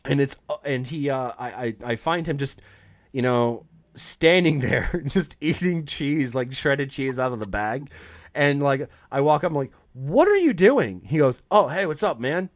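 Man, chef guest on a podcast, spins a profane story with plenty of life, clear dry sound. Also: mid-range voice, a little slow, dry recording. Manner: profane, animated storyteller acting out quotes. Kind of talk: casual storytelling in an interview.

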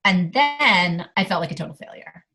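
A middle-aged woman speaking as a guest, candidly telling a personal story with lively delivery. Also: on the low side, normal speed. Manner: animated, acts out quoted dialogue.

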